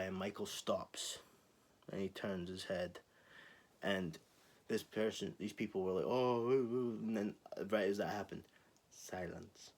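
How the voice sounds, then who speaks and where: A man in his twenties hosting his own channel, ranting to camera in a casual, sarcastic and sweary way. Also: deep voice. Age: 20s. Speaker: channel host.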